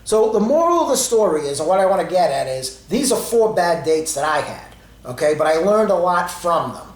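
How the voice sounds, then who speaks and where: A man in his forties with a noticeably high voice tells his stories casually, stringing along fillers and acted-out quotes. The room around him is echoey, so his voice rings a little. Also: very animated, fairly quick. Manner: rambling, conversational, with many fillers and quoted dialogue. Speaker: storyteller. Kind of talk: casual storytelling.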